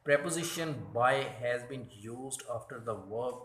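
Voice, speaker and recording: A man teaching a grammar lesson from slides, speaking deliberately and correcting his own slips. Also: mid-range voice, fairly bright tone, roomy sound, a little hiss or hum. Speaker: English teacher.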